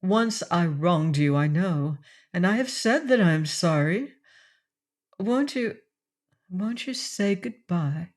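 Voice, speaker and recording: A woman's voice: lowish voice, expressive, slow, a little mellow. A woman reading an audiobook, voicing a proud, spirited young lady who speaks with cool dignity. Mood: pleading.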